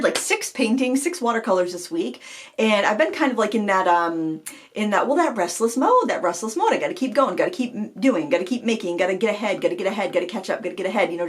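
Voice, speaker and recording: Chatty rambling woman vlogger in her forties. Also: medium pitch. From Maine. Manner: chatty and rambling, laughs often. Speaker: craft vlogger. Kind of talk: casual chat to camera.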